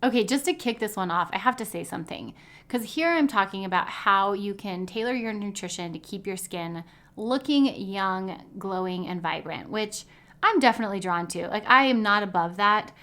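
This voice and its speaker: A woman's voice: medium pitch, animated, moderate pace, pushed and bright, soft background music. Upbeat chatty woman dietitian. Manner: upbeat, chatty, laughs often. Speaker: dietitian and podcast host. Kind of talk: casual podcast monologue.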